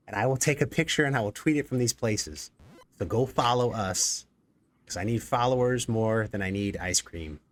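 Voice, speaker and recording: A man hosting a casual live stream, his voice sitting at a middle pitch. He rambles and jokes, piling up fillers and side stories as he talks to the chat. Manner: rambling, jokey, many fillers. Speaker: executive producer and stream host.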